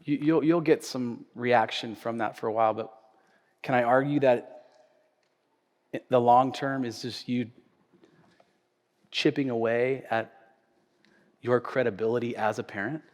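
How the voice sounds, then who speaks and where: A male pastor preaching a sermon in a church sanctuary, conversational, swinging from loud emphasis to quiet asides. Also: mid-range voice, fairly even intonation, unhurried, pauses often. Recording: echoey church hall.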